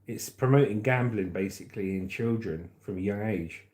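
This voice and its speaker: A man's voice: lowish voice, moderate pace, few pauses, a little mellow. An English man hosting a livestream, reading news aloud and chatting and joking with viewers' comments. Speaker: livestream host.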